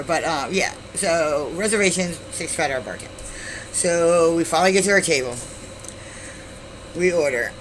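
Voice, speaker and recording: A woman's voice: sits low, noisy background. A woman telling a story about a chaotic date in a casual vlog, swearing freely and acting out the people she quotes. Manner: animated, swears, acts out quoted voices.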